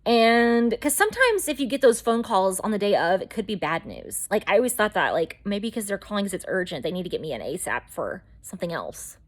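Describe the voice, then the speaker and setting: A woman's voice: medium pitch, big pitch swings, brisk, hardly any pauses. A woman vlogger telling her own story in a chatty, rambling way with lots of fillers. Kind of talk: casual storytelling to camera.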